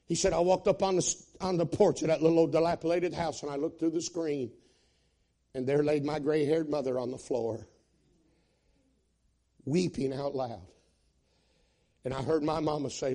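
A man's voice: a little high, steady tone, normal speed, mellow. A man preaching a sermon, telling a story in an impassioned, folksy way.

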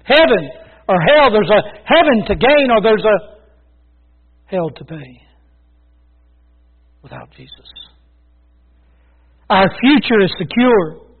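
A man preaching a folksy, emphatic sermon, swinging between loud declarations and quiet asides. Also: sits high, expressive, slow pace, pauses often, slightly rough. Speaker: pastor. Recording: tinny phone-like sound.

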